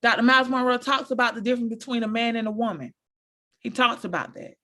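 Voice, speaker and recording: A woman talking casually to her viewers, giving animated, preachy advice and repeating her points. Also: fairly high pitch, quick pace. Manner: animated, repeats phrases, addresses viewers directly; preachy, encouraging. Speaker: motivational speaker.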